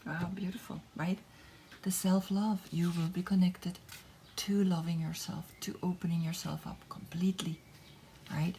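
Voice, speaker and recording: A woman reads tarot in a soft, encouraging voice that often sinks into a whisper. Her tone is mellow and lowish, and she takes her time with every phrase. A faint hiss sits under the voice. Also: little pitch movement, normal speed. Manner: gentle, encouraging, with frequent tag questions. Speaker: tarot reader. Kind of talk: tarot reading with guided meditation.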